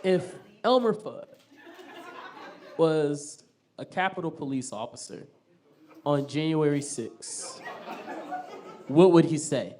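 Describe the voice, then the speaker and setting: A stand-up comedian works a small theater crowd through a stage mic. His voice sits a little high for a man. He tells crude stories packed with swearing and bounces lines off the audience. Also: animated, slow, long pauses, a little mellow. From Tulsa, Oklahoma.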